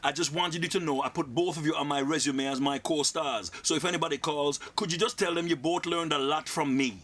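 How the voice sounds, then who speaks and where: A man cutting in with cheeky, deadpan comic requests. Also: a little high, a little fast. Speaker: comic interrupter. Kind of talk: comedy sketch interjections.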